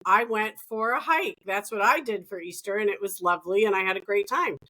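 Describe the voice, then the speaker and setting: A middle-aged woman who cares for a parent, telling frank, lively stories in conversation and swearing casually. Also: medium pitch, a little fast, poor audio. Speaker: family caregiver. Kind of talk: candid conversational storytelling.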